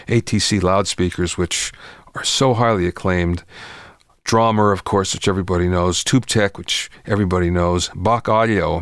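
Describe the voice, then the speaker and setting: A man hosting a podcast, casually talking through a product in a relaxed, enthusiastic, conversational way. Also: low-pitched, dry recording, clean studio sound. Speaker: podcast host. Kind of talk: casual spoken product review.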